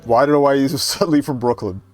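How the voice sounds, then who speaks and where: A man's voice: quick pace, faint music behind. A man streaming a point-and-click game, reading its dialogue aloud in a casual, murmured way and swearing now and then. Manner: casual, swears, reads lines in a low murmur.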